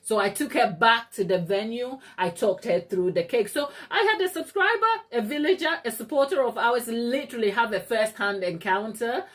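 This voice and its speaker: Woman host with a fairly high voice, animated storyteller, chatting live from her kitchen. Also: moderate pace, hardly any pauses. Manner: chatty, animated, acts out others' lines in a high voice. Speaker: cake maker and channel host. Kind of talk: casual live-stream storytelling.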